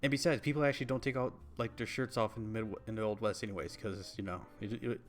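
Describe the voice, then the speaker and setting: A man's voice: on the low side, fairly even intonation, quick pace, faint music behind. A man from the countryside co-hosting a podcast, joking and rambling emphatically in a casual chat.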